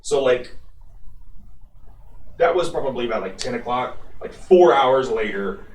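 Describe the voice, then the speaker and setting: A man co-hosting a radio after-show, telling a story in an animated, profane way. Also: medium pitch, unhurried, slight background noise. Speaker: radio co-host. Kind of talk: casual storytelling chat. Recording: echoey room, mic at a distance.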